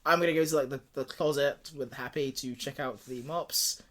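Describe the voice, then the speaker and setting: A man co-hosting a podcast in casual chat, pitching a movie plot and acting out characters in quick voices, laughing often. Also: a bit bright. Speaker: podcast co-host.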